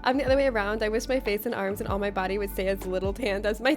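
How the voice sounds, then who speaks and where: A woman's voice: medium pitch, racing, hardly any pauses, soft background music. A woman livestreaming a game, chatting casually with viewers, rambling and giggling often.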